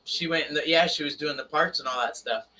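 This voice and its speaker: Hyped host guy, real sharp bright voice, bit far from the mic. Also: on the high side, quick pace, a little hiss or hum. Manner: enthusiastic, acts out quoted people. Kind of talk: casual chat. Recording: somewhat distant from the mic.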